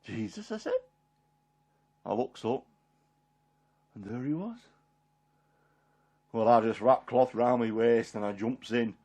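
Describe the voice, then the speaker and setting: A man's voice: medium pitch, expressive, slow pace, pauses often, darkish tone. A man playing the apostle Peter, a homely fisherman, in a rambling, chuckling one-man Bible monologue. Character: apostle Peter, middle-aged fisherman, homely and warm-hearted. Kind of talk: dramatic character monologue.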